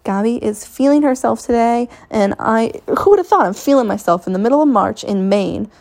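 Woman, podcast host, a bit high-pitched, blunt, sweary pep-talk monologue. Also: brisk, creaky, a little mellow. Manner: blunt, profane, motivational. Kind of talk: casual solo podcast monologue. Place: home in Maine.

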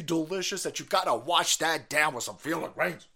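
A man's voice: a little high, expressive, normal speed, hardly any pauses, pushed and bright. A man ranting profanely and mockingly on his own stream as its host, laughing often. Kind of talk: profane political rant.

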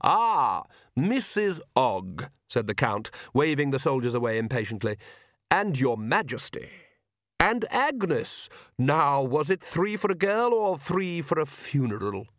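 A suave vampire count, as a male audiobook reader puts him on, smooth and theatrical, mocking everyone around him. His voice sits at a middle pitch and sounds close and dry, with no room around it. The manner stays lordly and amused in a storybook reading. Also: sing-song, a little slow, a bit bright, dry recording.

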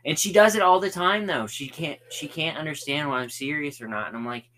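A man's voice: fairly high pitch, fairly quick, pushed and bright. A young man co-hosting a casual podcast, joking and rambling, often repeating words. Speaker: co-host. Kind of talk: casual chat.

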